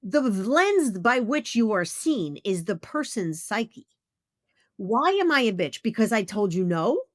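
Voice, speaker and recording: Blunt, lively middle-aged woman host. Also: mid-range voice, a little slow, no echo, studio quality. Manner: blunt, emphatic and profane. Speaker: podcast host. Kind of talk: casual interview chat.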